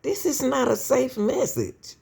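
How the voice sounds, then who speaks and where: A woman's voice: sits high, lively intonation, measured pace, creaky, a little mellow, slightly rough. A woman hosting true-crime commentary who talks straight to her viewers with lots of rhetorical questions. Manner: keeps addressing the audience as y'all, asks rhetorical questions. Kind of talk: emotional casual commentary to viewers.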